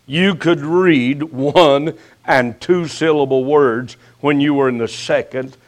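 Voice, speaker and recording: An older man preaching a sermon as pastor, his voice rising sharply and then dropping to a hush, with folksy, teasing jabs at his listeners. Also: on the high side. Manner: slow preaching with sharp rises and hushed drops.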